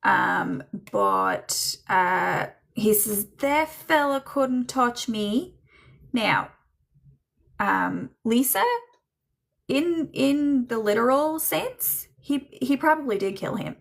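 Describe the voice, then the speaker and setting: Gravelly-voiced chatty woman medium. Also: mid-range voice, lively intonation, slow pace, a bit bright. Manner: chatty, hesitant, filler-heavy, laughs often. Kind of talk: livestream reading.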